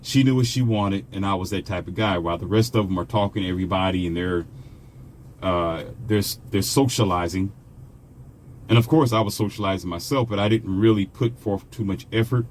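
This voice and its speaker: A man's voice: low-pitched, brisk, a little hiss or hum. A man from the United States, a vlogger telling a personal story in a chatty, conversational way with asides to the viewer. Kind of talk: casual storytelling monologue.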